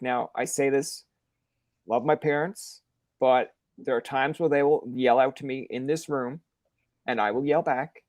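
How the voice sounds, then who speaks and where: A man's voice: mid-range voice, no room sound. Chatty young male podcast host. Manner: animated storyteller who acts out quoted lines. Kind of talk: casual chat. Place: room in his parents' house.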